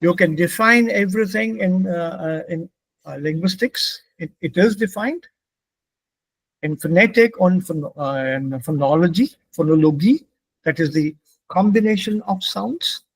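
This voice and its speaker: A man's voice: sits high, unhurried, gravelly, husky, dry recording. A middle-aged man, patiently explaining German pronunciation rules to a class step by step.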